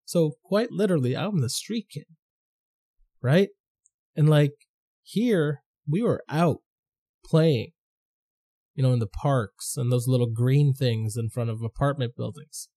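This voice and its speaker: A young man from the Philippines hosting a podcast, telling stories in casual chat, profane and animated, acting out quoted voices. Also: mid-range voice, measured pace, pauses often. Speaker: podcast host.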